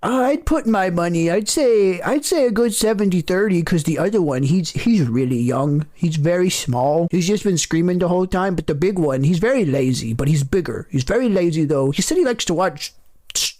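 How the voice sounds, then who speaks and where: A man's voice: high-pitched, lively intonation, normal speed, darkish tone. A man voicing an impatient male bookie at a betting window who talks in a rambling, offhand way.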